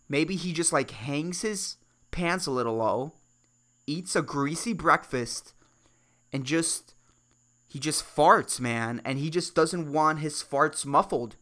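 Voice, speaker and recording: A man from Puerto Rico hosts a solo comedy podcast in a slightly high, pushed, bright voice. He rambles and swears, veering between worked-up rants and mumbled asides.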